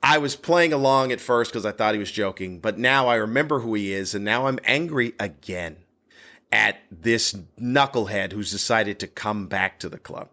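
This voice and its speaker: In a solo podcast episode, a comedian host recounts a story in crude, blunt terms, his bright, forceful voice shooting up as he relives what happened. His pace is moderate.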